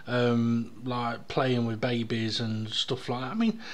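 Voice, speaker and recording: A man's voice: mid-range voice, steady tone, slow, a little hiss or hum. A British man co-hosting a podcast, musing in loose, sweary casual chat with many "I mean"s. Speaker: podcast co-host.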